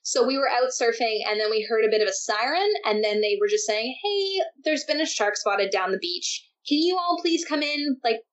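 Lively young woman telling stories. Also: a little high, normal speed, few pauses. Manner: animated storytelling with frequent laughs. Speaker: interview guest, surfer. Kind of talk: casual interview chat. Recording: dull lo-fi sound.

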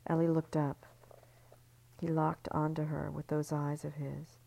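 Low gravelly woman narrating. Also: flat delivery, measured pace, dark tone, poor audio. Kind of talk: scripted audiobook narration.

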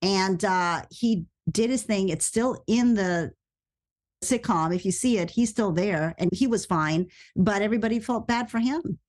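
Woman, actor, lively anecdotal delivery, mid pitch, chatty conversational read. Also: unhurried. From United States. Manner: animated storyteller, voices incredulous reactions. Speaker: actor telling a story. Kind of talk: casual podcast chat.

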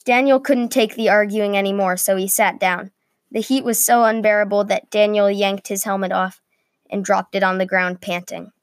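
A woman reads a medieval adventure tale aloud in a middle pitch, steady overall though with small slips. She speaks at a moderate pace, and the sound is dry and close with no echo or room around it.

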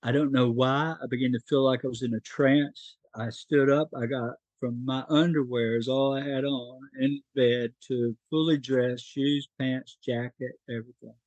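A man's voice: mid-range voice, steady tone, moderate pace, hardly any pauses, darkish tone, no echo, highs cut off. A middle-aged man from North Carolina, a podcast guest telling his life story in an emotional, earnest way.

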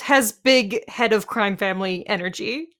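A woman's voice: mid-range voice, moderate pace, a bit bright. A woman co-hosting a podcast in casual chat, making wry, laughing asides. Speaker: podcast co-host.

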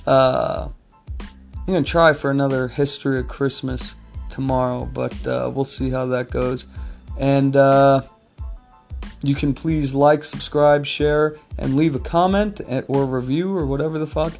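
A man's voice: mid-range voice, steady tone, a little slow, gravelly, a little mellow, faint music behind. A man vlogger giving a rambling, angry monologue full of swearing. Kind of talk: profane ranting monologue.

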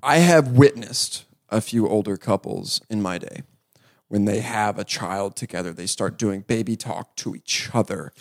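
A man's voice: fairly low pitch, measured pace. A young man co-hosting a podcast, chatting casually with crude jokes and mock voices. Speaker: podcast co-host. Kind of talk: casual chat.

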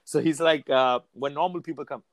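A man's voice: on the high side, a little fast, no echo. Candid, swearing man telling stories. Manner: candid, swears freely, storytelling with many restarts. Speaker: podcast guest. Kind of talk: casual chat.

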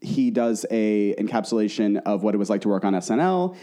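A man co-hosting a podcast in casual chat, chatty and excitable. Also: fairly low pitch, brisk. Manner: chatty, excitable, full of fillers. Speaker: podcast co-host.

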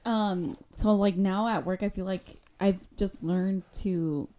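A woman's voice: mid-range voice, fairly even intonation, takes it slowly, warm tone. A young woman co-hosting a podcast, talking earnestly about work and quoting coworkers, laughing at herself. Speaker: podcast co-host. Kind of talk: casual chat.

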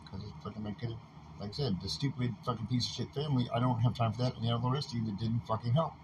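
A man's voice: medium pitch, fast. A man delivering a rambling solo rant, agitated and full of swearing. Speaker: podcaster. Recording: noisy ambient background.

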